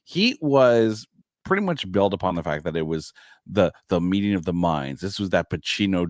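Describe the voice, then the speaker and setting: A man's voice: deep voice, no room sound, studio quality. A man guesting on a movie podcast, talking enthusiastically and stumbling over repeated words as he explains his thoughts. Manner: enthusiastic, stammers on restarts. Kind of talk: casual podcast chat.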